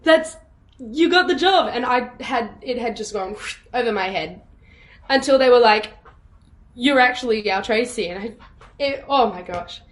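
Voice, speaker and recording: A young woman, a musical theatre actress, telling stories with bubbly excitement and frequent laughs over a video call. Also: a little high, moderate pace. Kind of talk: casual interview chat.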